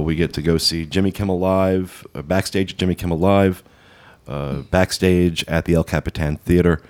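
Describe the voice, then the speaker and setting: A man hosting a casual podcast, talking through news and trip plans with a loose, rambling delivery full of fillers. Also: low-pitched. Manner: rambling, many uh fillers, upbeat promo talk. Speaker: podcast host.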